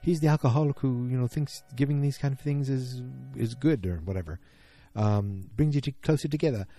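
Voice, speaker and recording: A man's voice: mid-range voice, a little fast, mellow, soft background music, voice pushed up, lightly acted. A man doing a prim, proper British businessman. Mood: confiding. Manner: attempted posh British accent, very proper.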